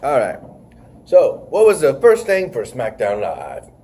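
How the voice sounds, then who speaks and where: A man hosting a podcast in a loose, casual chatting style. His voice has a mid-range pitch, and he rambles along, padding his sentences with fillers and the odd swear word. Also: huge pitch swings, measured pace, darkish tone, a little hiss or hum. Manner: rambling, swearing, leans on "freaking". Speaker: podcast host. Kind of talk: casual wrestling review chat.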